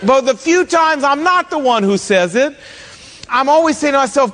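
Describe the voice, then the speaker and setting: A man's voice: very high-pitched, moderate pace, a bit bright. A man preaching a sermon as pastor, telling a funny story on himself in a loose, conversational way, heard in a church. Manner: humorous storytelling, conversational, self-mocking. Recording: long hall reverb.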